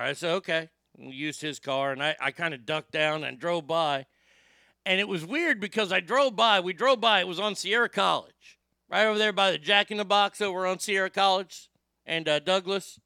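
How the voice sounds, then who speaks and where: A man hosting a talk show, telling a profane story loudly and emphatically. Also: high voice, smooth, dry recording, studio quality. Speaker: radio show host.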